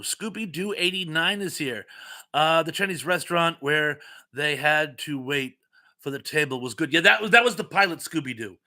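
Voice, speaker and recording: A man hosts a relaxed live-stream chat, quizzing viewers on trivia between lively stories. His voice is bright and forceful, and he pokes fun at himself as he talks. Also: fairly high pitch, moderate pace. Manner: animated, chatty storyteller with self-mocking asides.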